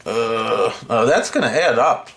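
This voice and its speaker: Deadpan man, lively pitch. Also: measured pace, creaky, very noisy. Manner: deadpan, wry. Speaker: horror movie host. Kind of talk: comedic one-sided phone sketch.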